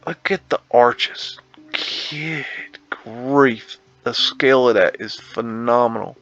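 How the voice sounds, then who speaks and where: A man talks slowly through a casual photo tour, musing aloud and tossing in slangy asides. His voice has a bright, forceful edge. The recording sounds dull and lo-fi, with faint guitar music playing underneath. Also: medium pitch. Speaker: host.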